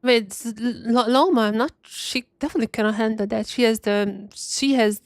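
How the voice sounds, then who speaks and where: A woman's voice: fairly high pitch, no room sound. Emphatic young woman streaming a game. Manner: emphatic, repeats herself with quick dismissals. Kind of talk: live gameplay commentary.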